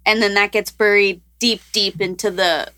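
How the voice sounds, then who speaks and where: A woman's voice: medium pitch, fairly even intonation, normal speed, bright, forceful tone. A young woman co-hosting a podcast in casual chat, giggly and full of filler words. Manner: chatty, giggly, lots of "like" and "um". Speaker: podcast co-host.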